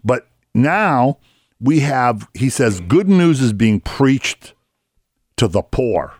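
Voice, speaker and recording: A man's voice: medium pitch, sing-song, slow, darkish tone, dry recording, studio quality. A man co-hosting a Christian radio talk show, explaining Bible passages in a rambling, conversational way and laughing easily.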